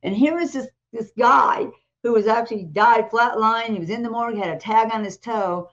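A woman co-hosting a talk show, retelling a testimony in a lively way and acting out the voices in it. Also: on the high side, normal speed, dull audio. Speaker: co-host. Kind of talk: animated testimony storytelling.

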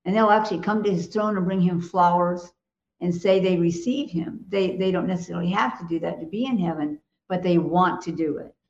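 A woman's voice: lowish voice, brisk, a little mellow, echoey room, highs cut off. A woman co-hosting a Christian talk show, speaking with emphatic assurance and laughing easily. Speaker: co-host.

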